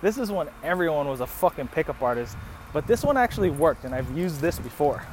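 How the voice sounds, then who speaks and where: A man in his thirties tells a story in a slightly high voice, swearing freely and laughing as he goes. He talks outdoors near a street, with faint traffic rumbling behind him. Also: fairly quick. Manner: profane, animated storytelling with laughs. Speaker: podcast host. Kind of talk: storytelling, casual. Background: passing traffic noise.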